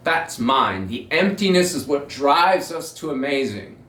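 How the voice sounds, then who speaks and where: A man's voice: medium pitch, big pitch swings, a little slow, fairly bright tone, roomy sound, recorded from a distance, a little hiss or hum. A man hosting his own show, telling a long personal story in a rambling, profane, self-mocking way. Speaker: podcast host telling a story. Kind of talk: casual storytelling monologue.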